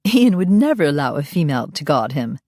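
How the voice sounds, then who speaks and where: A woman's voice: low voice, very animated, fairly quick, darkish tone, dry recording, clean studio sound, exaggerated voice. A woman voicing a haughty female vampire with a snooty British accent.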